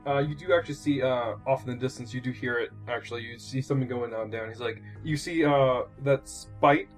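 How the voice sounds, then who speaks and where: A man's voice: medium pitch, steady tone, fairly quick, soft background music. A man running a tabletop game, narrating and joking casually with fillers. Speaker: game master.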